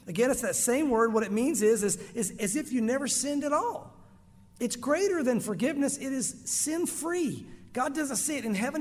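A man with a very high voice delivers an emphatic, conversational sermon, pressing his points home. His voice rings out with a long reverb, as in a church sanctuary. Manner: emphatic, conversational preaching with repeated "bottom line". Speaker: pastor.

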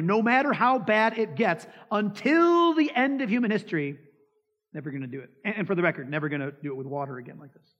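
A man's voice: a little high, fairly bright tone, slightly rough. A man preaching a sermon, emphatic, asking the congregation rhetorical questions and acting out quoted lines. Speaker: pastor. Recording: dull lo-fi sound with long hall reverb.

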